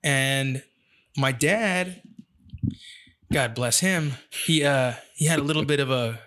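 A man from San Jose telling a story in a casual chat, profane and animated, acting out the quotes. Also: mid-range voice, takes it slowly. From San Jose, California.

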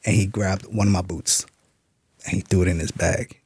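A man's voice: sits low, fairly even intonation, moderate pace, darkish tone, breathy edge, no room sound. A man being interviewed on a podcast, telling a story in a laid-back way and swearing casually. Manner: laid-back, profane, full of "you know what I'm saying". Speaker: podcast guest, author and Army veteran.

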